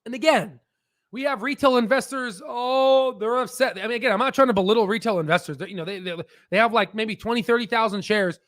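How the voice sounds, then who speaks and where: Excitable male stream host, high-pitched, dry close sound, profane and mocking. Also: quick pace, no room sound. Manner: excitable, swears, mocks in shrill put-on voices. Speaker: stock market livestream host. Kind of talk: casual livestream rant.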